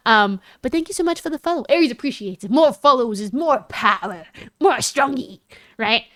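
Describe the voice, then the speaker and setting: A woman's voice: expressive, fairly quick, a bit bright, dry recording, clean studio sound. A woman with an Australian accent, rambling and giggling through casual chat with her live stream audience. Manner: rambling and giggly, with big jumps in pitch.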